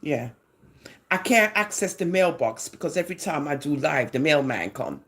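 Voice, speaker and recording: A Jamaican woman ranting in a vlog, her lowish voice swooping up and down as she mocks and scolds. She sounds sarcastic and animated, leaning into her patois. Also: normal speed. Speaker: social media commentator.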